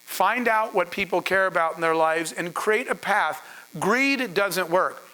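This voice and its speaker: A man's voice: high-pitched, normal speed, pushed and bright. A man, a startup founder, telling a story to an audience in an earnest, conversational way with asides to the crowd. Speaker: startup founder speaking on a panel.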